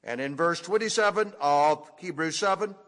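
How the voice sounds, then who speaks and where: A man preaching an expository sermon, teaching deliberately and leaning hard on key words. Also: on the high side, fairly bright tone. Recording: echoey hall with long reverb.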